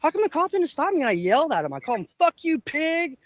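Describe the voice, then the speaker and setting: High-voiced, taunting man. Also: huge pitch swings, very fast. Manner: aggressive, profane, taunting. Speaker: street streamer. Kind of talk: confrontational livestream ranting. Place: outdoors on a public sidewalk. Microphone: handheld camera.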